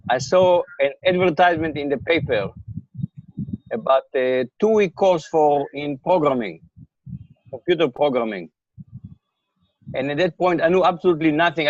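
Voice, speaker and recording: A man's voice: a little high, no room sound. An older man giving thoughtful interview answers, often repeating words and checking in with "okay?" and "right?". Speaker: interviewee, computer scientist. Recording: dull, dry remote call audio.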